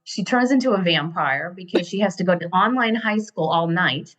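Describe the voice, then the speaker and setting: A woman's voice: fairly low pitch, moderate pace, fairly bright tone. A middle-aged woman chatting as a podcast guest, telling stories animatedly with many fillers and acting out the people she quotes. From United States. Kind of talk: casual storytelling chat.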